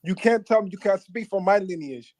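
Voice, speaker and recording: Insistent high-voiced New York caller. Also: male voice, a little fast, darkish tone, no echo. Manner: insistent, repetitive, defensive. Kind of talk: call-in argument.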